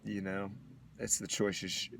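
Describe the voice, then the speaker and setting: A man talks in a candid personal video diary, reflective and halting, with many pauses. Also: fairly low pitch, flat delivery, vocal fry, heavy background noise. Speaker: vlogger.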